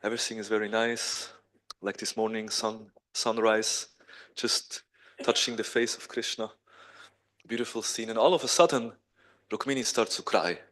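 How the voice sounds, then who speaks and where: A man teaching a scripture class, retelling a sacred story in an animated way with a few throat clears. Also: lowish voice, normal speed. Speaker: spiritual teacher.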